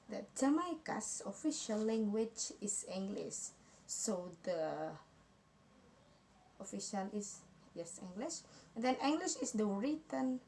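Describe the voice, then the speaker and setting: Slow, halting young woman student presenter. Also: mid-range voice, gravelly, warm tone, slight background noise. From Indonesia. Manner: halting, restarts words, reads examples aloud. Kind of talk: online class presentation.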